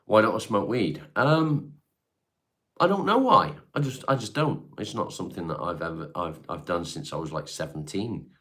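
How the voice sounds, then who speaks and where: A laid-back man hosts a live stream, reading out viewer comments and answering them. His voice sits very low, and he talks in a loose, offhand way with casual swearing. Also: expressive, moderate pace, fairly bright tone.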